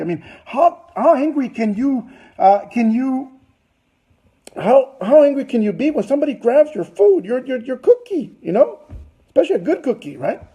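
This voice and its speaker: A man's voice: very high voice, lively intonation, fairly quick, warm tone, breathy edge, low-quality recording. A man presenting to a business audience, telling a long anecdote in a loose, chatty way full of fillers and asides.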